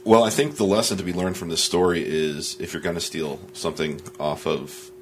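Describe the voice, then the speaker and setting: A man's voice: deep voice, fairly even intonation, brisk, a little hiss or hum. A man co-hosting a podcast, teasing his co-hosts in wry casual banter. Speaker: podcast co-host. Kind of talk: casual chat.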